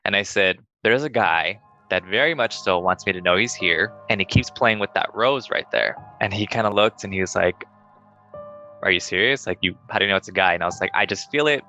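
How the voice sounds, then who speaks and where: A young man casually telling a ghost story on a podcast, acting out quoted lines in a higher voice. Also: brisk, highs cut off, soft background music. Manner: animated, acts out quoted dialogue in a higher voice.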